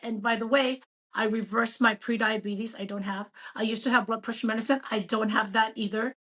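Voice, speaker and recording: Bright-voiced woman in her fifties. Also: fairly high pitch, fairly quick. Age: 50s. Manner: animated, emphatic, storytelling. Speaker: doctor and guest. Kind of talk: casual interview chat.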